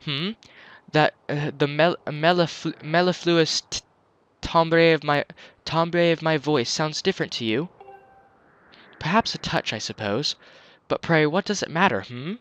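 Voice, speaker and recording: A man's voice: fairly high pitch, measured pace, fairly bright tone. A man voicing a genteel old male shopkeeper with a put-on English accent, speaking in flowery, pompous phrases and tripping over his words.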